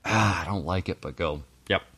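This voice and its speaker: A man's voice: deep voice, normal speed, fairly bright tone, slightly rough. A man as a contestant on a comedic podcast game, hesitant and self-mocking. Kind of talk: casual banter.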